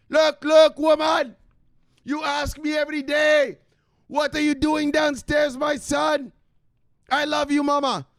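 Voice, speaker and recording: A man putting on a frantic, over-the-top voice of a grown son shouting excitedly to his mother, in a shrill and repetitive way. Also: no room sound, exaggerated voice.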